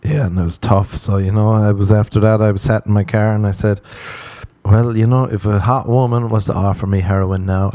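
Crude joking Irishman, low mellow voice. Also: fairly even intonation, normal speed, dry recording. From Ireland. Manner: crude, self-mocking, laughs at own jokes. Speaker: comedian. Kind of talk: comedic monologue.

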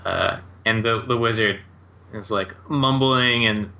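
A man's voice: lowish voice, a little slow, vocal fry, pushed and bright. A man narrating a tabletop game as game master, loose and full of fillers.

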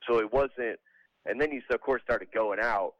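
A man's voice: mid-range voice, moderate pace, no room sound, dull audio. A man from Georgia, a comedian guest, chatting loosely in an interview over a remote line. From Georgia, USA. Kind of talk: casual phone-in interview.

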